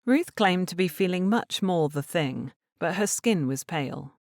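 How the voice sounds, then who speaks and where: A woman narrating a romance novel in a measured, expressive way. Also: deep voice, no echo, studio quality. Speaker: audiobook narrator. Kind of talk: scripted narration.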